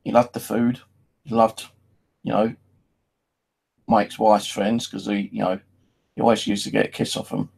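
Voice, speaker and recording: A man's voice: fairly low pitch, level tone, normal speed, vocal fry, long pauses, a little mellow, husky, rough recording. A man talking in a casual, rambling personal monologue, full of "you know" and freely swearing. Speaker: vlogger.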